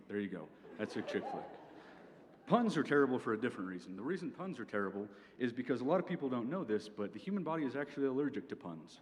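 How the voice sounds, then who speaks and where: Speaking fast and expressively in a mid-range voice, a young man delivers a comedic talk at a student event. His dry humor punctuates each point with "okay?", and the recording picks up a reverberant hall and faint background noise.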